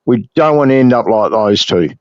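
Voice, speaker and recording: An Australian man hosting a casual fan chat, measured and filler-heavy, talking at length. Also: medium pitch, animated, no room sound. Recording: dull dry lo-fi mic.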